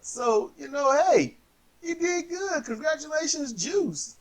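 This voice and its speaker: A man casually recapping wrestling matches as a co-host, telling it in an animated way and acting out the wrestlers. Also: slow pace. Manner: animated storyteller, acts out wrestlers in high voices.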